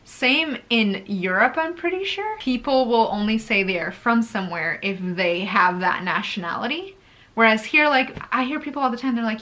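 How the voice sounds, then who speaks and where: Bright-voiced chatty young woman vlogger. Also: on the high side, moderate pace. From Brazil. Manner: chatty and animated, laughs between points. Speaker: YouTuber. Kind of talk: sit-down talking-to-camera vlog.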